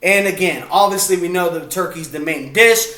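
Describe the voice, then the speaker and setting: A man's voice: high voice, normal speed, bright, forceful tone. A man hosting his own video in casual chat, playful and rambling, often breaking off to restart. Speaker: video host. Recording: echoey room.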